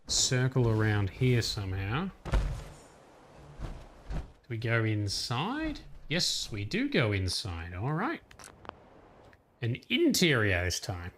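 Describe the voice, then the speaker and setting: A man's voice: fairly low pitch, a bit bright, slight background noise. Man chatting through a game stream. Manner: chatty, thinking aloud while playing. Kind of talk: casual gameplay commentary.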